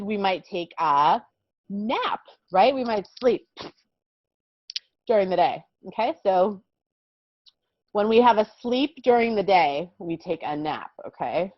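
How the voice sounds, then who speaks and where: A young woman teaching English words to small children in a slow, patient, sing-song way, often checking with "okay?". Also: mid-range voice, dry recording. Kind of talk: online vocabulary lesson for young children. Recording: dull lo-fi sound.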